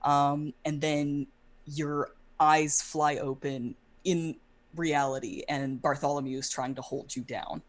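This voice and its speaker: A woman with a low voice runs a tabletop game as its game master. She narrates scenes in a relaxed, halting way, full of fillers, and asks players for rolls.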